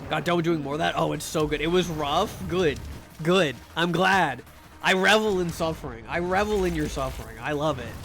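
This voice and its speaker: A man is chatting casually with his viewers on a live stream, rambling and swearing, with bursts of excited sing-song greetings. His pitch is fairly high and his pace moderate, with faint music in the background.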